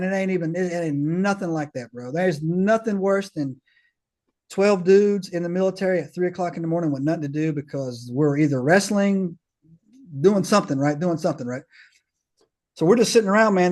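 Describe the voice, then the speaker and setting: Male podcast guest, casual storyteller, slightly high voice, slangy and animated, acts out dialogue. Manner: slangy, peppers talk with "man", "bro", "right?".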